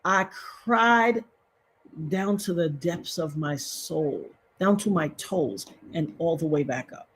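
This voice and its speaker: A woman's voice: low voice, lively intonation, slow pace, slightly rough. A woman in her fifties hosting a casual livestream, telling a personal story in an emotional, repetitive way and talking straight to her viewers. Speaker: livestream host.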